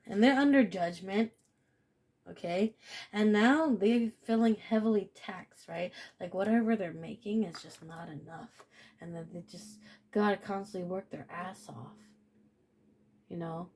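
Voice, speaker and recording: A woman's voice: fairly low pitch, warm tone. A woman giving a casual spiritual reading to camera, blunt and profane, repeating phrases and laughing often. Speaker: tarot reader.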